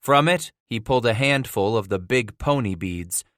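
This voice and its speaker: A male audiobook narrator tells a frontier tale in a steady, measured way. His voice sits at an ordinary pitch and is recorded close and dry, with no room sound at all. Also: no room sound. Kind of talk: scripted narration.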